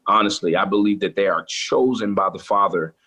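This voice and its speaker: Husky man in lively chat. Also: lowish voice, brisk. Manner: animated, preacher-like when excited. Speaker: gospel singer guest. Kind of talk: casual interview chat.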